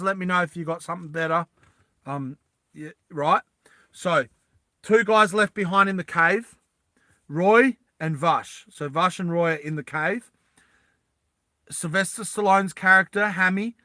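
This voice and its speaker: A man's voice: high voice, dry recording. A man casually telling a movie story to his live chat, rambling with frequent restarts. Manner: rambling, animated, many restarts. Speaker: streamer pitching a film story.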